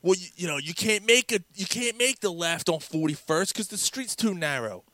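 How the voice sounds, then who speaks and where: A man's voice: high-pitched, lively intonation, normal speed, bright, forceful tone, no echo, pitched above the performer's own voice. A man voicing a hot-tempered male shipping clerk who gives directions and swears. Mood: exasperated. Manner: exasperated, swearing.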